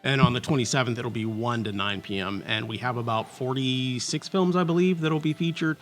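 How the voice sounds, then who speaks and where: A man's voice: medium pitch, brisk, fairly bright tone, slight background noise. A man answering as a guest in a casual interview, laying out event details with frequent ums and uhs. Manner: informative, with many ums and uhs. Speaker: guest, festival organizer.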